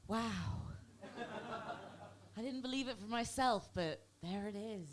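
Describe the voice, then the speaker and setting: A woman's voice: lively intonation, measured pace, a loud crowd, very noisy. A young woman with a Belfast accent performing a stand-up comedy set in a club, chatty and self-mocking. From Northern Ireland. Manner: chatty, teasing, self-mocking, bursts of high put-on voices.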